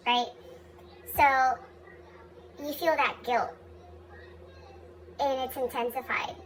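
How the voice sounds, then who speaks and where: A woman's voice: sits high, fairly even intonation, slow, long pauses, slight background noise, rough recording. A young woman talking candidly in a personal vlog, blunt and profane with a self-mocking streak. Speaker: vlogger.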